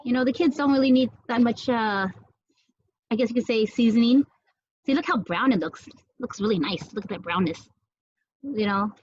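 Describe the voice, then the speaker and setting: A woman's voice: fairly high pitch, normal speed, pauses often, darkish tone, no echo, lo-fi sound. A young woman teacher cooking at home while teaching small children, talking in a playful sing-song way and making animal sounds.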